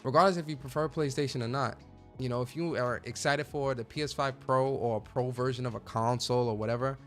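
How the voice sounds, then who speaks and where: A man's voice: medium pitch, steady tone, brisk, a bit bright, soft background music. A man hosting a gaming podcast in a casual rant, swearing freely, emphatic, often repeating words as he stumbles. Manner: profane, emphatic, stammering repeats. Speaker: podcast host.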